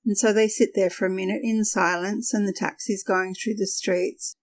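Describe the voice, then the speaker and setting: Brief: woman podcast host, storytelling, casual and lively, mid-pitched voice. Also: normal speed. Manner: lively, conversational.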